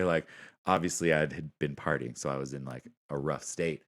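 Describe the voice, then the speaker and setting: A young man co-hosting a podcast, telling stories in a relaxed, casual way with lots of "like". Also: a bass voice, normal speed. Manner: laid-back storyteller, says "like" often. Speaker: podcast co-host. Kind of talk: casual chat.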